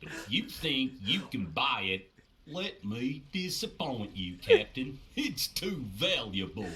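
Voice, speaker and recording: An actor playing a smug, guarded shipyard workshop owner in a video game, speaking with a forced American Southern accent in a drawling, teasing manner. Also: male voice, medium pitch, very animated, slow pace, sharp tone, full character voice. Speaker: game character.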